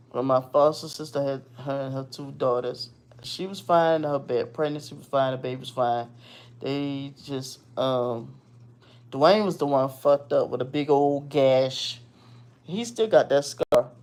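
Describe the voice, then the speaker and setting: A woman's voice: low voice, darkish tone. Blunt, profane woman telling a story. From Virginia. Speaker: host telling a personal story. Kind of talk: casual storytelling.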